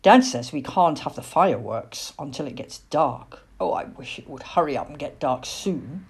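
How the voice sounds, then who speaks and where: A woman's voice: sits low, animated, moderate pace, husky, heavily acted. A woman reading a storybook and voicing an eager, chatty little boy. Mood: excited. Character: excited little human boy.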